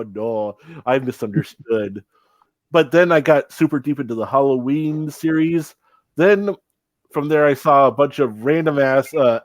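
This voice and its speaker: A man's voice: mid-range voice, dry recording. A young man co-hosting a casual chat, rambling with many fillers and restarts. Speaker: podcast co-host.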